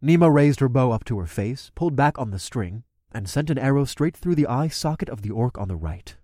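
A man's voice: mid-range voice, expressive, brisk, warm tone, no echo, studio quality. A man giving wry, first-person audiobook narration.

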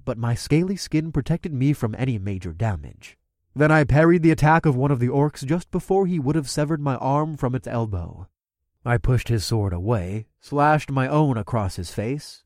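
A man's voice: medium pitch, a little mellow, no room sound, studio quality. A man giving wry, first-person audiobook narration.

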